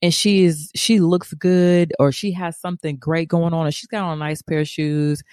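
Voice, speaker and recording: Slangy, animated woman co-host. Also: fairly low pitch, normal speed, no room sound, clean studio sound. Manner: animated, slangy, laughs easily. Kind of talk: casual chat.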